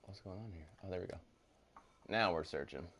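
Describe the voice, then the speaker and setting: A man with a very low voice chats through a gaming session. He drifts into rambling asides and pokes fun at himself. Clear background noise runs under the recording. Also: brisk. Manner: chatty, self-deprecating, rambling asides. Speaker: gamer co-host. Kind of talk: casual gaming chat.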